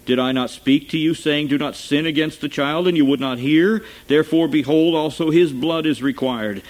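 A man's voice: a little high, moderate pace, a little mellow, voice pushed up, natural voice, poor audio. Earnest eldest brother, pleading, read by a man in his own voice.

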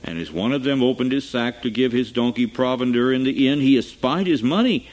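A man reads scripture aloud with a solemn, measured delivery. His voice sits at an ordinary middle pitch for a man, steady and unhurried. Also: low-quality recording. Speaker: scripture reader. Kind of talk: scripture reading.

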